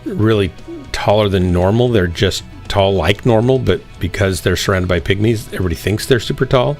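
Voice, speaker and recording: A low-voiced man hosts a casual game stream, ribbing his teammates with a teasing, joking tone. Faint music plays under his talk. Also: brisk, darkish tone. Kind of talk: casual gaming stream chat.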